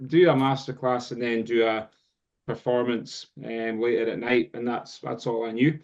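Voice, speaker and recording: A Scottish man at mid pitch tells a story in a loose, rambling way, full of fillers and side turns. His voice comes through a muffled, lo-fi recording that rounds off the top end. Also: steady tone, measured pace. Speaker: guest drum teacher. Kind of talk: casual chat. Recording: dull lo-fi sound.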